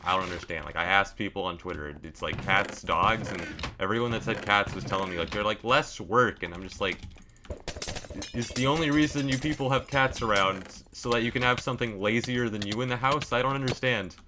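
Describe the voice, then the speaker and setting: A man telling a casual, deadpan story to his stream, with lots of "like" and dry jokes. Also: on the low side, fairly quick, background noise. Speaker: gaming streamer.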